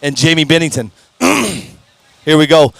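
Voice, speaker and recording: A man calls drag races at a track in an upbeat, folksy way, now and then tripping over names. His voice sits a bit high and sounds strained, with a throat-clear here and there. The sound is dry and close. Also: lively intonation, slow, no echo. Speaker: race announcer. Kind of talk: live drag racing commentary. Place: at a racetrack.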